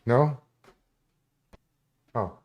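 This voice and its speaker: A man's voice: very slow, a little mellow. A man hosting a live stream, ranting at chat viewers in a combative, profane way. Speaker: livestream host. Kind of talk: live stream commentary rant.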